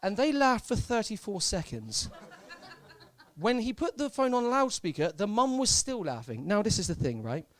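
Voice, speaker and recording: Deadpan young comedian. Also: male voice, sits high, normal speed. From Southampton, England. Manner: deadpan, hesitant delivery with many fillers and repeats. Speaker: stand-up comedian. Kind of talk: live stand-up set. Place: comedy club stage.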